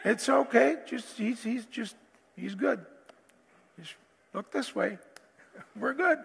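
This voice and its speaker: A man preaching a sermon as pastor, animated and prone to restarts, acting out quotes from the story. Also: very high voice, takes it slowly, creaky, husky. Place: church hall. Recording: long hall reverb, faint guitar.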